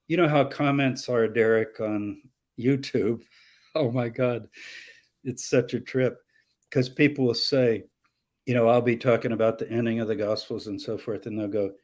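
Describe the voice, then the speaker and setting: Answering audience questions as a guest scholar in a live Q&A, this older man has a steady, slightly mellow mid-range voice and an unhurried pace. He tells lively stories, laughs a lot, and performs the voices of the people he quotes.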